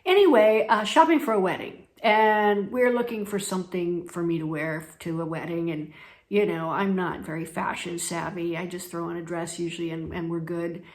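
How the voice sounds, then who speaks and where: A woman's voice: on the low side, fairly even intonation, normal speed. A woman from the United States who tells stories in a chatty way, laughing between sentences as she talks to her viewers. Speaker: travel vlogger. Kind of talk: casual chat. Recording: echoey room.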